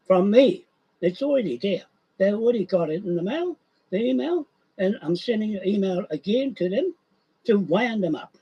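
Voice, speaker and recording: A man's voice: high voice, husky, lo-fi sound. An older man, ranting in a rambling monologue and repeating himself. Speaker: vlogger.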